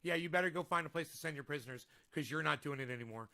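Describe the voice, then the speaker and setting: A man's voice: fairly high pitch, fast, gravelly, bright, forceful tone. A man chatting casually on a home stream, rambling and swearing, growing heated when he rants. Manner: rambling, profane, heated ranting. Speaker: vlogger. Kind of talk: casual live-stream chat. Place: home room with a desk. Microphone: desk microphone.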